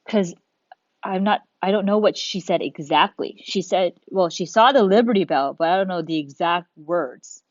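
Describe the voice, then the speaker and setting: A woman's voice: fairly low pitch, normal speed, no echo, highs cut off. A woman teacher recording a video lesson for children, talking her students through each step with encouragement.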